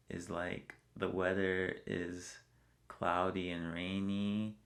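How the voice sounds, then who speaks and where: A man's voice: low-pitched, flat delivery, extremely slow, fairly bright tone. An American man talking casually in an interview, rambling and filling his speech with "like" all the time. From United States. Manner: rambling, fills with "like" constantly. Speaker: interviewee, traveler.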